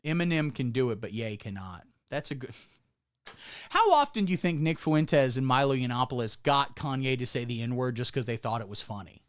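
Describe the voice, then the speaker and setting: A man's voice: medium pitch, lively intonation, normal speed, smooth, no room sound, studio quality. A man hosting a comedic livestream from Ohio, talking in a rambling, irreverent, sarcastic way.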